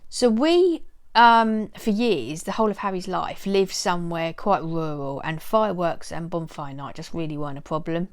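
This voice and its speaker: A woman's voice: fairly low pitch, expressive, moderate pace. A middle-aged woman giving casual advice to camera, earnest and repeating her key points. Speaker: dog owner giving training advice.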